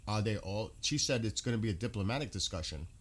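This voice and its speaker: A man's voice: fairly low pitch, lively intonation, fast, fairly bright tone. A man giving casual live commentary on news, indignant and firing off rhetorical questions.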